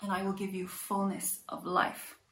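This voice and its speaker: A woman voicing a calm, kind, resolute man with scarred hands, speaking in a hushed, gentle way. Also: medium pitch, normal speed, lightly acted. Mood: gentle, steady. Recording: echoey room.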